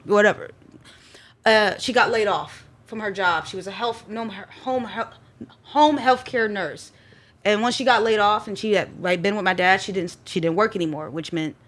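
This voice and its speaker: A woman telling a personal story as a panel guest, lively and acting out what people said. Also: medium pitch. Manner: lively storyteller, often acts out quotes.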